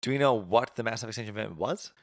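A man co-hosting a podcast in casual chat, asking quick questions and making joking asides. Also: lowish voice, dry recording, studio quality. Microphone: close studio mic.

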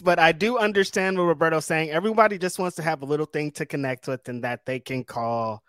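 A man co-hosting a casual wrestling podcast, speaking in a laid-back, measured way with dry humor. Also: on the high side, a bit bright, smooth, dry recording. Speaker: podcast co-host.

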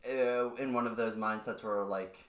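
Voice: medium pitch, steady tone, normal speed, a bit bright, roomy sound. A podcast host chatting casually, rambling and restarting stories. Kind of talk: casual chat.

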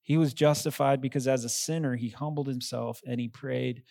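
A man, a pastor, preaching a sermon in an earnest, emphatic way, slowing down to stress key phrases. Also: mid-range voice, fairly even intonation, gravelly, mellow, no echo.

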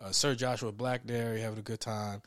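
A man co-hosting a casual chat, telling stories with loud laughing outbursts and mimicked voices. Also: on the low side, level tone, fairly quick, no echo, studio quality. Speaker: podcast co-host.

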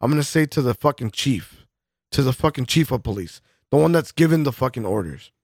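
A man's voice: mid-range voice, expressive, brisk, darkish tone, dry recording, clean studio sound. A man co-hosting a podcast, ranting angrily with constant swearing and bursts of laughter. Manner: profane, heated ranting with frequent laughs. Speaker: podcast co-host. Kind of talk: casual podcast rant.

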